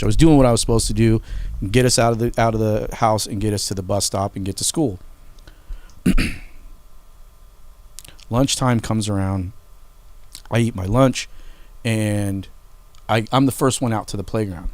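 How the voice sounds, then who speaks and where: Smooth-voiced man telling family stories. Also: lowish voice, darkish tone, no room sound. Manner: candid, emotional, swears freely. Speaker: podcast host. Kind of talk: casual storytelling.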